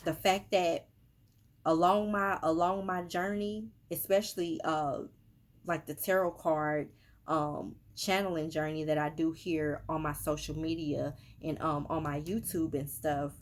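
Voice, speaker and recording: A woman's voice: sits low, steady tone, a little slow. Woman, casual emphatic medium monologue. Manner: emphatic, repetitive, with many fillers. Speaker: spiritual medium. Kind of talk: casual social media monologue.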